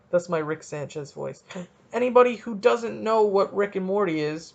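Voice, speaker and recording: A man from Canada hosting a casual solo podcast, rambling and joking as he thinks out loud. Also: high voice, moderate pace, gravelly. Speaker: podcast host. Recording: dull lo-fi recording.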